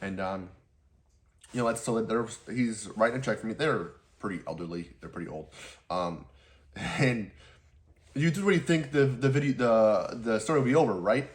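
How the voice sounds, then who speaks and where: A man's voice: fairly low pitch, animated, moderate pace. A young man who runs a lawn care business, casually telling a story, rambling, laughing often and swearing now and then.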